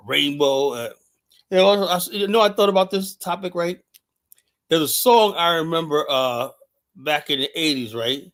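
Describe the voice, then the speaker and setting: A man's voice: mid-range voice, moderate pace, a bit bright. A man rants through a livestream monologue, blunt and profane. His voice sits in a mid range, and his talk rambles from point to point. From United States. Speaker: podcast host.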